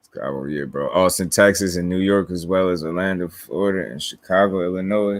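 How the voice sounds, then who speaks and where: A New Jersey man hosts a laid-back boxing live stream, reading viewer comments with a chuckle and lots of slang. His voice sits low and his delivery is brisk, with no room sound.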